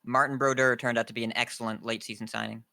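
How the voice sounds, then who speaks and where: A man's voice: mid-range voice, little pitch movement, fast talker, creaky, pushed and bright, dry recording. A man co-hosting an esports awards show, trading dry sarcastic jokes in casual chat. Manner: joking, sarcastic.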